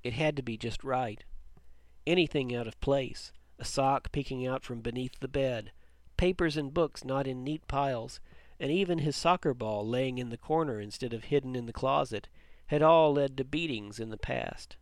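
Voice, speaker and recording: A man narrating a story with a measured, even reading. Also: medium pitch, no echo.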